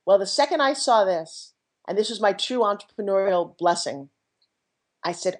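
Middle-aged woman on a podcast, super enthusiastic, telling her business story, high energy. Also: moderate pace. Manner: energetic, enthusiastic, jumps into quoted voices. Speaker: podcast guest, TV pitchwoman and entrepreneur. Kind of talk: animated storytelling interview.

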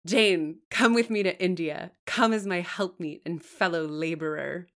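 A woman's voice: a little slow, fairly bright tone. A woman reading as a stern, relentless clergyman. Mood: commanding. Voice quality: commanding, deep.

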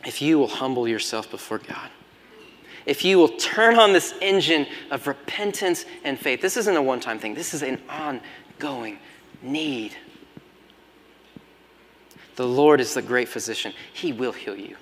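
A man preaching a sermon as pastor, moving between loud emphatic passages and hushed, almost whispered lines. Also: medium pitch, animated, measured pace, pauses often. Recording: long hall reverb.

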